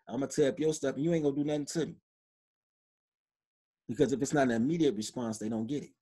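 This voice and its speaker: A podcast guest from Chicago shares blunt, emphatic opinions in a casual, street-style manner during an interview. His mid-range voice has a dark, husky tone.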